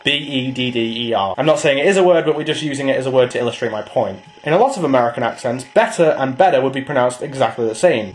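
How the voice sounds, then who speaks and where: Sarcastic English man, lively pitch. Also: fast talker, hardly any pauses. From England. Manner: sarcastic, mocking, swears freely. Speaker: vlogger. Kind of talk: sarcastic commentary. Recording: scratchy camera audio.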